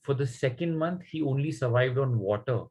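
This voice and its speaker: A man's voice: mid-range voice, expressive, normal speed, a little mellow, slightly rough, rough recording. A man telling a story to children in a conversational way, often asking them questions.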